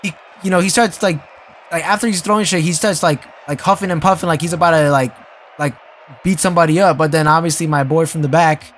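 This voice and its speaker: A man's voice: a little high, steady tone, quick pace, fairly bright tone, slight background noise. Rambling young man telling a story. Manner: rambling, full of fillers and restarts, swears freely. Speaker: storytelling vlogger. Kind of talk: casual storytime.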